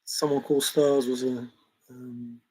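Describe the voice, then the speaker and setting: Guy on a stream rambling over chat, chuckly, kinda raspy, talks slow. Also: medium pitch, little pitch movement, warm tone, low-quality recording. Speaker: livestream host reading chat. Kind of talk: casual chat.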